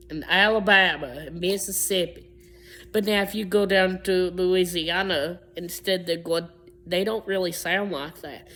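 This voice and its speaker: In this unscripted explainer, a woman covers accents in a meandering way, frequently starting over and fixing what she said. Her voice is fairly low, steady and fairly bright, and she speaks without hurrying.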